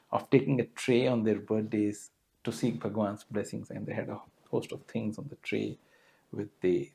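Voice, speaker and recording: A man's voice: lowish voice, gravelly, darkish tone. A man giving a spiritual talk to a gathering, telling stories earnestly with frequent small fillers. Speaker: guest speaker.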